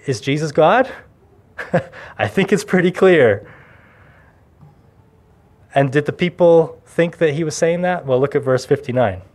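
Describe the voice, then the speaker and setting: A man's voice: fairly high pitch, expressive, a little slow, pauses often. Emphatic male pastor teaching scripture. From Canada. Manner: emphatic, with bursts of laughter and rising stresses. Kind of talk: verse-by-verse sermon.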